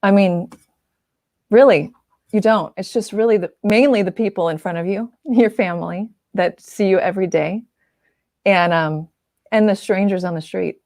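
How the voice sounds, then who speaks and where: A woman artist chatting casually as an interview guest, animated and quick to laugh, with lots of fillers. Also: medium pitch, no echo, clean studio sound. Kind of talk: casual conversational chat.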